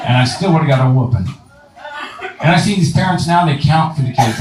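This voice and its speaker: A man's voice: a little high, expressive, a little fast. A man in his thirties doing a crude stand-up comedy set with lots of swearing, speaking to a live crowd from a club stage. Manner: crude, swearing punchlines with voiced asides. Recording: echoey club, mic at a distance.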